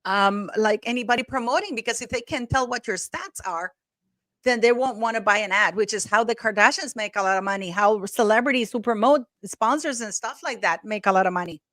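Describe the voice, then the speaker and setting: A woman's voice: a little high, fairly quick, fairly bright tone, no echo. A woman co-hosting a live stream in casual chat. She thanks viewers often and laughs easily.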